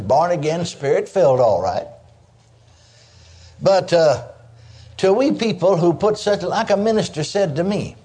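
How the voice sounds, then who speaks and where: An older man preaches in a homey, animated style, sprinkling praise asides through his points. His voice sits fairly high for a man, with a warm, mellow tone. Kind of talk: sermon.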